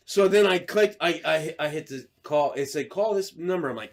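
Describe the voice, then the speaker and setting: A man's voice: a little high, lively intonation, a little fast, slight background noise. A man on a podcast telling a funny story in a casual way, swearing and acting out his own lines with laughter. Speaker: podcast co-host.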